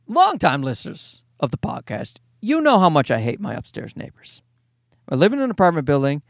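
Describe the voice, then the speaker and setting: Comedian in his forties, podcast host, lively swearing storyteller, bouncy high voice, dry close mic. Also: no echo. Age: 40s. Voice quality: animated, profane storytelling. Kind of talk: casual solo podcast monologue.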